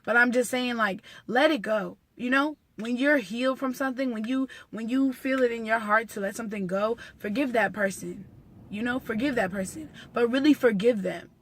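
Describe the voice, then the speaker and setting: A woman's voice: a little high, normal speed, a little hiss or hum. A young woman talking earnestly and heartfelt in a casual personal vlog, rambling with many fillers. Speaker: vlogger. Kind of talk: candid personal vlog talk. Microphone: phone.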